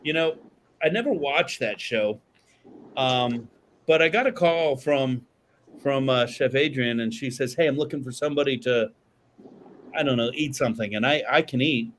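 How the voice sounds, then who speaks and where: A man's voice: medium pitch, moderate pace, a bit bright, slight background noise. Rambling, profane male podcast host. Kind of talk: casual podcast chat.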